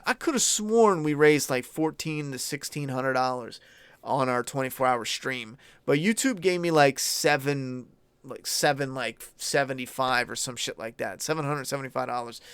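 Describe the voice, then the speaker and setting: A man's voice: medium pitch, fairly bright tone, clean tone, no echo. A young man streaming live, chatting casually with viewers in a rambling, candid way and swearing freely. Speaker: YouTube streamer. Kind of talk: casual livestream chat.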